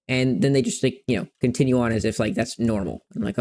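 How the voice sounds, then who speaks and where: A man's voice: medium pitch, fairly even intonation, fast, hardly any pauses, slight background noise. A young man in his twenties chatting casually and frankly while playing a game, rambling and swearing freely. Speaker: streamer. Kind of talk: casual gameplay chat.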